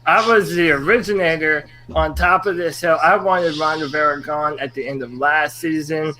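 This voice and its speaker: A man's voice: a little high, steady tone, moderate pace, sharp tone, poor audio. A man co-hosting a sports podcast, joking and boasting in casual banter. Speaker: podcast co-host.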